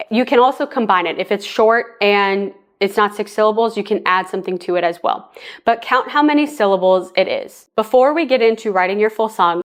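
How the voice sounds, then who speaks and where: A woman teaching a songwriting lesson, explaining plainly step by step and speaking straight to the viewer. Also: medium pitch. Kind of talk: casual spoken lesson.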